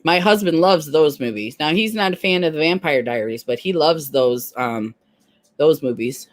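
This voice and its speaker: A woman's voice: sits low, expressive, moderate pace, no echo. A woman co-hosting a casual live stream, chatting and greeting viewers by name.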